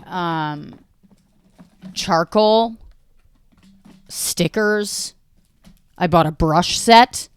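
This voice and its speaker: A woman's voice: on the low side, extremely slow, pauses often, clean tone. An American woman in her thirties hosting a podcast, rambling through a casual solo monologue, self-mocking and swearing often. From United States. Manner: talks to her dog mid-show. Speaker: podcast host.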